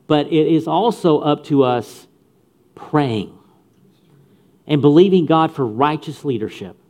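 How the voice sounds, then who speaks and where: A man's voice: fairly high pitch, a little mellow. A man preaching a sermon with punchy humor and repeated phrases for emphasis. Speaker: pastor.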